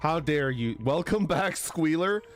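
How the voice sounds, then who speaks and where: A man talks casually on a live game stream, joking and teasing his chat. His voice sits a little high and swings around a lot as he talks. Faint game music plays underneath. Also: lively intonation, unhurried. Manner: playful and teasing, bursts into high squeaks and laughter.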